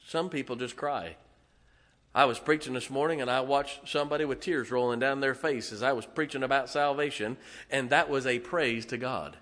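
Bright-voiced preacher man. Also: fairly high pitch. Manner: animated preaching, asks the congregation "amen?"; rhetorical questions and homely humor. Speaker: pastor. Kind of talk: sermon.

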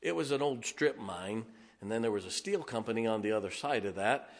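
A man preaching, telling a folksy, animated, self-mocking story from the pulpit. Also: on the low side, fairly quick. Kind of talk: storytelling sermon. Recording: long reverb of a large hall.

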